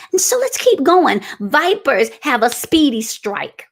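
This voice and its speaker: A woman's voice: high-pitched, very animated, a little slow, creaky. A woman giving a motivational sermon in a preaching style, emphatic and repeating her key phrases as she calls out to the audience. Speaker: speaker.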